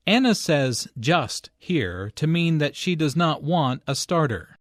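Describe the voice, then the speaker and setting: Slow, clear male English teacher. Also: fairly high pitch, no room sound, clean studio sound. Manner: slow, clear, even delivery. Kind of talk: scripted lesson narration.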